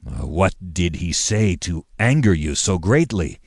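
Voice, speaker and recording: A man's voice: low-pitched, very animated, a little slow, creaky, darkish tone, dry recording, clean studio sound, exaggerated voice. A man voicing a careful, diplomatic male fleet commodore who chooses his words with restraint.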